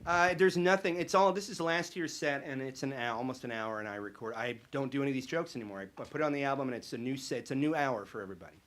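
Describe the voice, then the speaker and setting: A male stand-up comedian telling stories in a lively way and acting out characters, then chatting in an interview on a live show. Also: mid-range voice, fast, hardly any pauses. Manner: animated storytelling, acting out characters in quotes.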